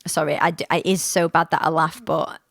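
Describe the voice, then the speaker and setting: A woman's voice: low voice, fairly even intonation, fairly quick, creaky, a bit bright, dry recording, studio quality. A young woman telling her own painful story on a podcast, frank and self-deprecating, swearing casually. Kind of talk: candid personal storytelling.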